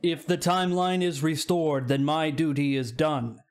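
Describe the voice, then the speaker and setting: A man's voice: on the high side, fairly even intonation, lightly acted. A man voicing an ancient stone guardian. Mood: solemn. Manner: slow, grand, formal pronouncements. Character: ancient solemn stone time guardian, male. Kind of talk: tabletop role-play voicing.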